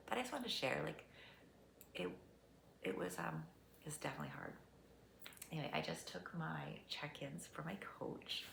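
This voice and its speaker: A middle-aged woman vlogging casually, chatty and candid, often dropping into soft near-whispers. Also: low voice, creaky. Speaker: vlogger, fitness competitor. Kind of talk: casual vlog talk to camera. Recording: echoey room, faint background noise.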